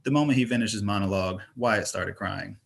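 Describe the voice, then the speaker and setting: Brief: male narrator, fantasy audiobook, steady even read. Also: lowish voice, a little fast, creaky, husky. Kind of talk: audiobook reading of fantasy fiction.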